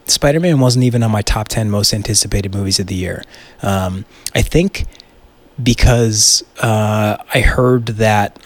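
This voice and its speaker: Young male solo podcaster, low-ish voice, casual and excitable, lots of swearing and false starts. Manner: rambling, excitable, swears freely, many restarts. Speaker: podcast host.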